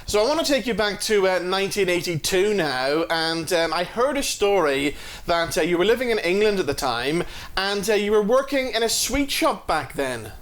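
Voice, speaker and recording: A male host leads an interview with eager enthusiasm. His voice is high and swings widely in pitch as he sets up his questions with a few ums and uhs. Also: big pitch swings, moderate pace, a bit bright. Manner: enthusiastic, with fillers as he asks questions.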